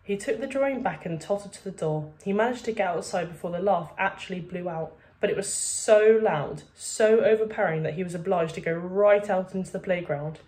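A woman reading a children's book aloud with steady, expressive narration. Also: on the low side, brisk, hardly any pauses. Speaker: reader. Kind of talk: storybook read-aloud.

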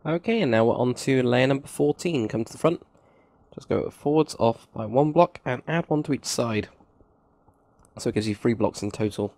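A man's voice: medium pitch, normal speed, darkish tone, no echo, clean studio sound. A man hosting a casual building tutorial, counting blocks aloud with chatty, self-mocking asides. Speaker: game tutorial host.

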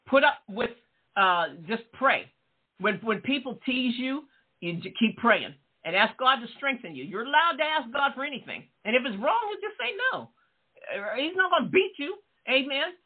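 A woman's voice: a little high, animated, moderate pace, slightly rough. A woman pastor preaching a fervent sermon, peppering her talk with "Amen" and questions to her listeners. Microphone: phone line, radio call-in show. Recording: tinny phone-line sound.

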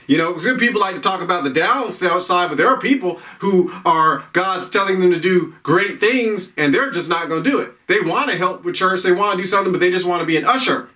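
A man's voice: high voice, sharp tone, far from the mic. A man preaching an informal sermon, rambling, repeating himself and restarting his sentences.

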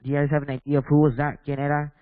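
Switching between Spanish and English with halting restarts, a man reads scripture and questions his congregation during a bilingual church sermon. He speaks a little high and in a monotone. The sound is phone quality, with no room sound but a big-room feel.

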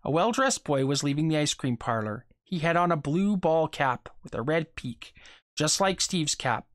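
A reader narrating a short story aloud for a class, in a steady, measured way. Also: mid-range voice, dry recording, clean studio sound.

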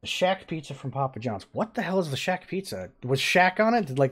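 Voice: mid-range voice, expressive, fast talker, few pauses, breathy edge. A streamer casually chatting and rambling while playing a video game, swearing now and then. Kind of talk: casual gaming stream chat.

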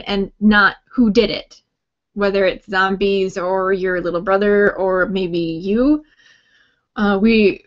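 Woman teaching a writing workshop, slow and friendly, slightly muffled lo-fi recording. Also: mid-range voice. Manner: friendly, explanatory, light joking asides. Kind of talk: recorded grammar lesson talk.

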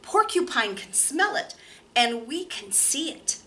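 Woman doing eager zebras, high bright storybook voice, slow read-aloud. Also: very animated, recorded from a distance, a little hiss or hum, exaggerated voice. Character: herd of excited zebras.

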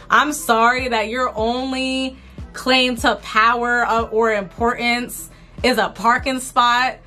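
Young woman, beauty vlogger, indignant storytime, bright tense voice, slangy and repetitive, faint music behind. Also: fairly high pitch. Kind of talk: storytime chat while doing makeup.

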